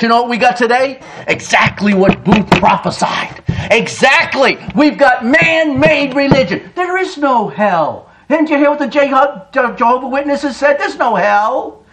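A man's voice: sits high, fairly bright tone. A man preaching a sermon. He reads old-style scripture aloud with emphasis and addresses his listeners as folks.

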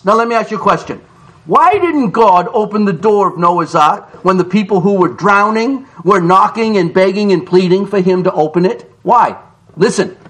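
A man delivers a fiery sermon in a high voice. He swings wildly in pitch, shouting some lines and dropping others to a low murmur. He reads scripture slowly and with weight. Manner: shouts for emphasis, swings between loud cries and low asides. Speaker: preacher.

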